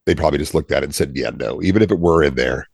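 A man's voice: very deep voice, very fast, gravelly, a little mellow, no echo, studio quality. A man co-hosting a podcast in casual, jokey chat. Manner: laughs easily, jokey. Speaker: podcast co-host.

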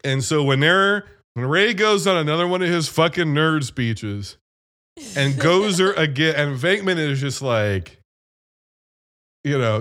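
A man chatting casually about a movie, animated and profane, retelling scenes as he goes. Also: a little high, unhurried. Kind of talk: casual movie review chat.

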